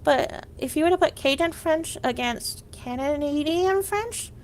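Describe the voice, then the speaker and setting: A woman's voice: sits high, a little slow, slight background noise. A woman livestreamer chatting casually with viewers, rambling and sometimes trailing off into whispers.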